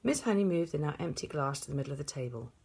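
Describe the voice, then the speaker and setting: Woman reading a kids book out loud, low husky voice. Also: very animated, fast. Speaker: audiobook reader. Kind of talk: storybook read-aloud.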